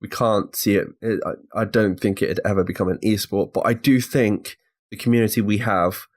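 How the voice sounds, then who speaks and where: A man hosting a casual gaming podcast, animated and sweary, steering the talk between guests. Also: lowish voice, moderate pace. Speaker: podcast host.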